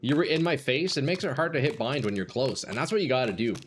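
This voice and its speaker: A man's voice: mid-range voice, quick pace. A young man streaming a video game, talking chattily to other players and calling them bro. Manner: chatty, calls people bro and brother. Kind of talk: live gameplay commentary. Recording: steady noise behind the voice.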